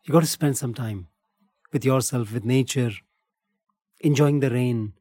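A man with an Indian accent, a breathwork and meditation teacher, answering gently in short calm phrases. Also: mid-range voice, a little slow, no echo, clean studio sound.

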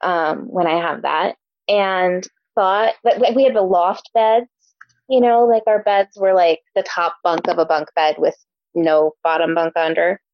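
A woman's voice: lowish voice, steady tone, unhurried, dry recording, dull audio. A young adult woman from Omaha, co-hosting a casual book podcast, chatty with many ums. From Omaha, Nebraska. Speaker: podcast co-host. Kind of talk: casual book discussion chat.

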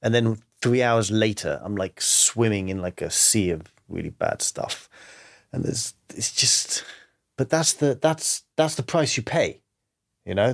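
Low-voiced man talking earnestly in a dry room. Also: no room sound. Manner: reflective, earnest, laughs often. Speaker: guest. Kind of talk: candid interview talk.

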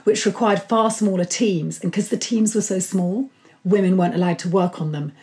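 An enthusiastic woman author speaks as an interview guest, telling stories with lively energy. Her voice sits at an ordinary pitch for a woman. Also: moderate pace. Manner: enthusiastic, animated storytelling. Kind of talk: conversational interview.

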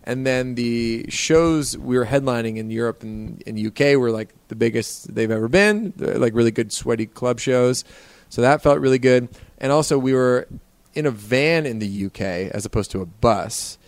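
A man's voice: medium pitch, moderate pace, no echo. A man talking on a podcast with friends, telling long, rambling tour stories and acting out other people's lines. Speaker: podcast co-host and touring musician. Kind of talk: casual podcast chat.

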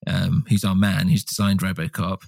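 A man co-hosting a casual film podcast, rambling and swearing with lively asides. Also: deep voice, normal speed, vocal fry, no echo. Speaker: podcast co-host.

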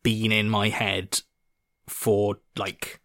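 A man's voice: fairly low pitch, flat delivery, very slow, fairly bright tone, no room sound, clean studio sound. A man co-hosting a casual podcast Q&A, rambling and hesitant with lots of filler words. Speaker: podcast co-host and writer.

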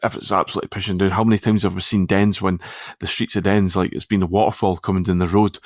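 A man's voice: low voice, little pitch movement, quick pace, no room sound, clean studio sound. A Scottish man hosting a casual football podcast, talking in a rambling, easygoing way and often correcting himself. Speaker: podcast host.

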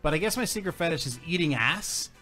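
Male host, bright-pitched, animated, halting delivery over faint music. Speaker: podcast host. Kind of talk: casual candid chat.

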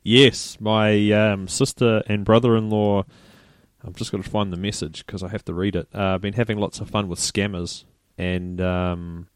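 A man's voice: on the low side, flat delivery, normal speed, smooth, dry recording, clean studio sound. A New Zealand man co-hosting a podcast in laid-back casual chat, laughing and acting out quotes. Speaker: podcast co-host.

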